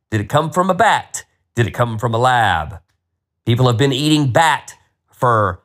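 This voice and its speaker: A man hosting a solo podcast, ranting with exasperation and plenty of profanity. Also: medium pitch. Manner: profane, exasperated, animated rant. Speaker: podcast host.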